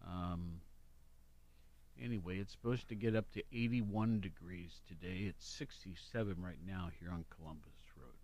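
A man's voice: deep voice, normal speed, a little mellow. A man hosting a casual radio show, reading weather and history notes with chatty asides. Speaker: radio host.

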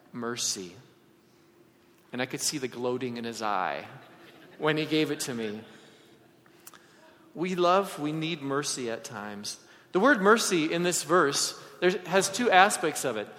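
A male pastor preaches in a large church hall, his fairly high voice trailing off in long reverb. He tells stories with animated delivery, pushing some phrases out loudly and dropping others to a hush. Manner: animated storyteller, swings from loud emphasis to hushed asides. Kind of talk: sermon with personal stories.

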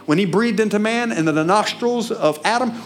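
A man preaching a sermon in a church with a Southern US accent, animated, questioning the congregation and swinging between loud and hushed. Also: sits high, moderate pace. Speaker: pastor.

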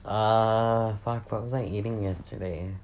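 Slow-talking young woman vlogging. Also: very deep voice, fairly even intonation, a little mellow, dull audio, a little hiss or hum. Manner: rambling, swears often, self-mocking. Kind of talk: casual confessional vlog chat.

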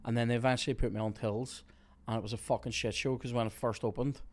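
A man hosting a podcast, telling a work story in a casual, animated way, swearing freely and laughing often. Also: medium pitch, quick pace. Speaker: podcast host.

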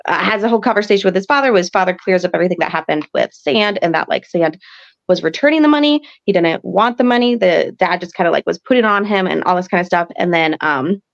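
A woman with a low, gravelly voice recaps a show episode for her podcast, chatty and rambling, full of "um" and "like". The audio is a bit dull and lo-fi. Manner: chatty, rambling with many fillers. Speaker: podcast host.

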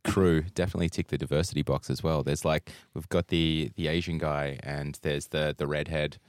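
A man's voice: extremely low pitch, flat delivery, brisk, clean tone, no echo, clean studio sound. A man co-hosting a podcast, chatting about films with enthusiasm and trailing off mid-sentence. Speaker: podcast co-host. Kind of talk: casual film chat.

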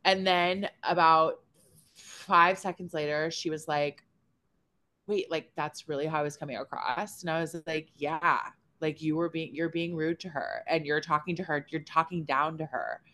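Bright-voiced, blunt woman in casual chat. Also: deep voice, fairly even intonation, moderate pace. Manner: blunt, chatty, swears casually. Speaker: podcast co-host.

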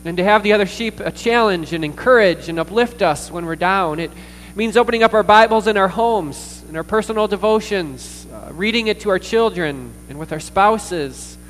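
An earnest man delivers a sermon from the pulpit, his voice a touch high. He pauses often and repeats words as he goes. The sound rings with a long church reverb over a low electrical hum. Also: a bit bright. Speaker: pastor. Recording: distant reverberant hall with mains hum.

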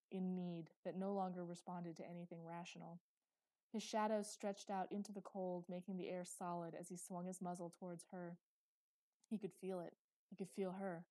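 A woman narrates a dark fantasy story in a steady, measured read. Her voice is low and mellow, recorded dry and close with no room sound. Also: dry recording, poor audio. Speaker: audiobook narrator.

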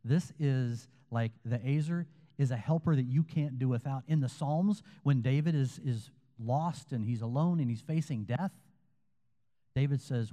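A man's voice: mid-range voice, mellow, long reverb tail. A man preaching a sermon as a pastor, in a conversational way, telling stories and quoting other people. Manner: conversational preaching, storytelling with quoted voices.

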